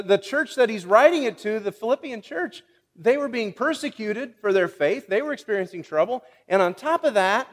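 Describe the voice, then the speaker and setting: High-voiced pastor in a reverberant hall. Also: male voice. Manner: playful, teases the congregation; repeats words as he restarts. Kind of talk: sermon. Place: church sanctuary.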